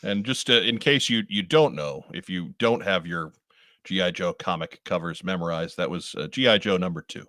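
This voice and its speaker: A man co-hosting a casual podcast, talking in halting bursts and often repeating his first words. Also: sits low, fairly bright tone, no room sound. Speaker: podcast co-host.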